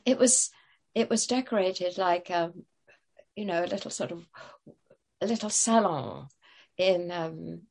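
A woman's voice: lowish voice, animated, unhurried, vocal fry, long pauses, darkish tone, a little hiss or hum. An older woman telling stories as an interview guest, hesitant, with many fillers and restarts. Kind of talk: casual interview storytelling.

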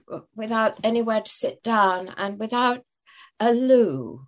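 A woman's voice: a little high, animated, unhurried. An older woman telling stories as an interview guest, hesitant, with many fillers and restarts. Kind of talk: casual interview storytelling.

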